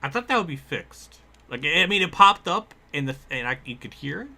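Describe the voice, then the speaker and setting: A young man casually talking through a racing game livestream, excitable, laughing often and quick to swear. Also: on the high side, gravelly.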